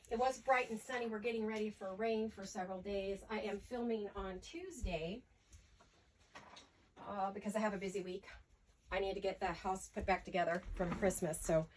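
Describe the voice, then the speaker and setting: In a mid-range voice with a darkish tone and slight background noise, a tired woman talks casually through a home craft tutorial. She's a little breathless, rambles, and keeps losing her words.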